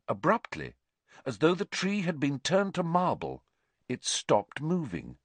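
A man reading a story aloud in scripted narration, dramatic and expressive. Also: a little high, a little slow, slightly rough, no room sound. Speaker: audiobook narrator.

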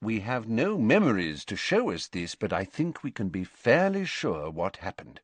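A wise old wizard speaks calmly and patiently, his measured voice lifting and falling with plenty of expression, as a man puts him on. His tone rises a little above the reader's own. The audiobook recording is close and dry. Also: on the low side, breathy edge, dry recording, exaggerated voice. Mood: explaining. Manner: measured, gently explaining. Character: old male wizard headmaster, calm and measured. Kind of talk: audiobook character reading.

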